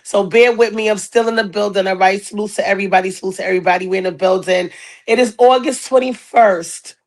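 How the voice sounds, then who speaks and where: A woman with a hoarse, raspy voice from a cold, hosting a casual podcast and greeting viewers in a chatty, repetitive way. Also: medium pitch, fairly even intonation, fast. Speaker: podcast host. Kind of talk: casual live-stream chat.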